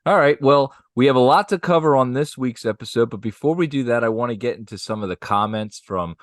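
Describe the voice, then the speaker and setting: A young man co-hosting a casual podcast, easygoing and quick to laugh, often restarting his sentences. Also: mid-range voice, no echo, clean studio sound. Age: young adult. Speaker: podcast co-host.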